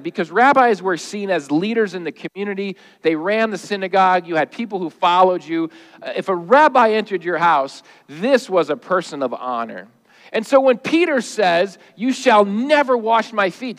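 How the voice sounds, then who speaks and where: High-voiced preaching man in a reverberant hall. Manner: lively, conversational, jokey preaching. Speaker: pastor. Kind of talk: sermon.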